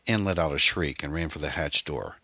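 A man narrates a mystery audiobook in a steady, suspenseful manner. His voice sits very low, husky and forceful. The recording is dry and close. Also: a little fast, no room sound.

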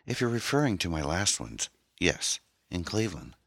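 A man voicing a troubled young woman, an orphan who talks in a hesitant, halting, pained way. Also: deep voice, very animated, fairly bright tone, dry recording, studio quality, voice pushed up, heavily acted. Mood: guarded, pained.

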